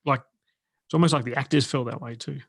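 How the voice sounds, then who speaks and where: A man, an army veteran co-hosting a podcast, telling relaxed anecdotes in casual chat with the odd swear word. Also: mid-range voice, quick pace, vocal fry, dry recording. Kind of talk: casual film review chat.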